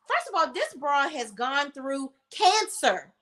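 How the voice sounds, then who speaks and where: A woman's voice: sits high, big pitch swings, slow pace, sharp tone. A woman giving heated, profane commentary on a reality TV show, blunt and emotional. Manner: emotional while telling a personal story. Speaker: reality TV recap vlogger.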